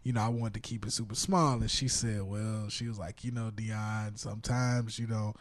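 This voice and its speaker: A man's voice: fairly low pitch, fairly even intonation, moderate pace, dry recording. A man co-hosting a casual podcast, telling stories in a laid-back way and laughing often. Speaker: podcast co-host.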